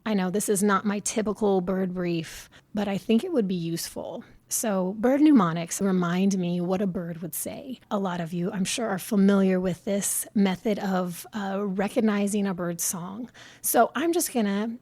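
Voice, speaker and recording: A woman's voice: mid-range voice, normal speed, mellow. A woman who studies birds, hosting an informal educational podcast and explaining things in a chatty, plain way with some fillers. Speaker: podcast host and avian ecologist.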